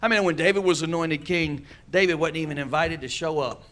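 A pastor preaching a sermon, calling out to the congregation and acting out quoted voices with humor. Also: male voice, a little high, brisk, fairly bright tone. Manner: preaching with call-and-response asides.

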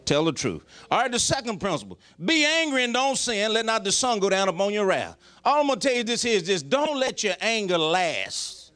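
A pastor preaching a folksy, joking sermon. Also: male voice, sits high, sing-song, fairly quick, few pauses, a bit bright.

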